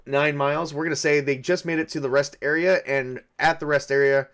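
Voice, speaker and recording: A man's voice: fairly high pitch, level tone, a little fast, a bit bright. A man narrating a solo tabletop game, thinking aloud with frequent hesitations and fillers. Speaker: game master and solo player.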